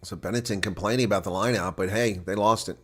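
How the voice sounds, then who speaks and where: A man giving live play-by-play rugby commentary from a home setup, getting louder and higher on big plays. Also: fast, slightly rough. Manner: excitable, bursts loud and high on big plays.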